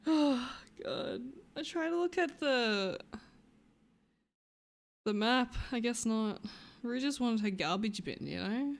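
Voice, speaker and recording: A woman's voice: a little high, expressive, takes it slowly, pauses often. A woman streamer chatting casually on a live stream, giggly and chatty and swearing often.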